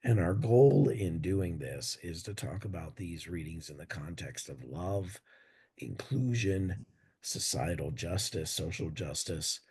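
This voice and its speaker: A man co-hosting a casual conversation about weekly gospel readings, talking through laryngitis with a croaky, hoarse voice and a self-deprecating manner. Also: low-pitched, measured pace, a little mellow. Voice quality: croaky, gravelly. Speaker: podcast co-host. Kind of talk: casual religious discussion.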